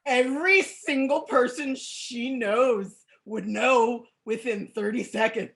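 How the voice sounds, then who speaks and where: A woman on a panel adds quick, amused remarks to the story and laughs easily. Her voice sits a little above the usual pitch for a woman. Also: vocal fry, fairly bright tone. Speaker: panelist author. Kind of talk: casual panel chat.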